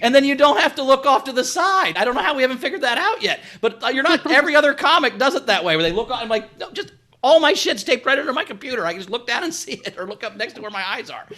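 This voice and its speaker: A man hosting an online comedy show, talking in a very high, bright voice. He chats loosely, trips over his words and swears casually. The tone stays friendly and informal. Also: expressive, rapid-fire, hardly any pauses. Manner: chatty, stammers, swears casually. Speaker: show host. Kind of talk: casual chat with a comic.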